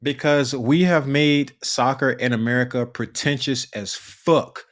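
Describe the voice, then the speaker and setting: A man's voice: medium pitch, steady tone, a little slow. A man co-hosting a casual podcast, talking bluntly and emphatically with plenty of swearing. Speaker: podcast co-host. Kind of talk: casual chat.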